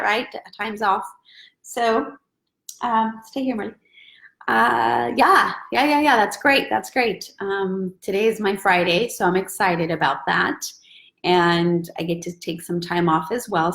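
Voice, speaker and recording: A woman's voice: on the high side, echoey room. Upbeat chatty woman hosting a livestream. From Southern California. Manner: upbeat, chatty, reads out viewer names. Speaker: live stream host. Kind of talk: casual livestream chat greeting viewers.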